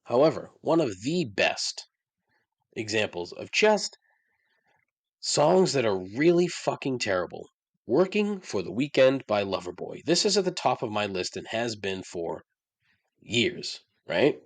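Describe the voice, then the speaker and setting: A podcast host with a medium-pitched, very animated voice delivers a casual monologue at a measured pace with no room sound. He rants about songs he hates, full of sarcasm and frequent swearing.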